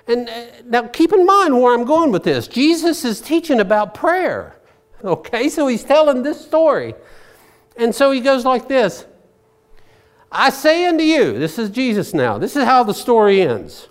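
A man's voice: very high voice, very animated, moderate pace. A man preaching a sermon as a pastor, telling the story in a folksy way with personal asides.

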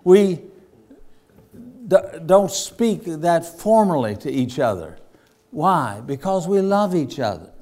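A man preaching a sermon, slow and deliberate, rising to emphatic points. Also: a little high, big pitch swings, darkish tone. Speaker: pastor.

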